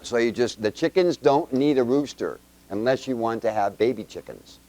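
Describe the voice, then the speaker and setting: A man teaching the Bible to a mixed room of adults and kids in a loose, conversational way. He keeps quizzing the listeners with rapid questions and jokes between homespun examples, in a middle-pitched voice. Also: animated, darkish tone. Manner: quizzes the audience with quick questions; chatty and joking, with homespun examples. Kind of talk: informal Bible teaching to a congregation with children.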